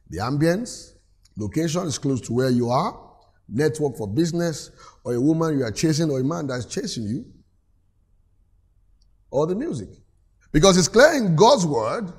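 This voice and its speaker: A man's voice: a little high, a little mellow, breathy edge. Preaching man with a raised voice. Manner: preaches with call-and-response, reads scripture aloud. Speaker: pastor. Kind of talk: sermon. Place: church.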